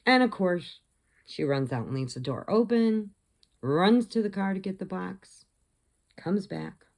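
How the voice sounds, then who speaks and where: A woman's voice: mid-range voice, a little slow. A middle-aged woman vlogger casually retelling a movie plot, acting out the lines and sometimes dropping to a whisper. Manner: animated storyteller, acts out lines, drops to whispers.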